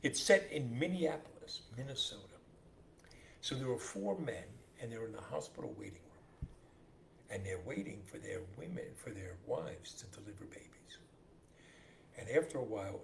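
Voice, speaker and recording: Speaking at normal speed in a creaky, mid-range voice, this male podcast co-host jokes around in casual banter. He performs each joke's characters with animated flair, captured in a roomy, echoey space with a faint hiss.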